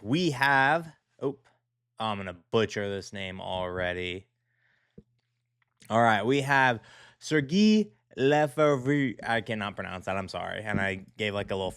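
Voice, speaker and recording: A man's voice: fairly low pitch, a bit bright, clean tone, no echo, clean studio sound. A man hosting a design show, chatting casually and rambling with many fillers and restarts. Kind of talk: casual commentary on design work.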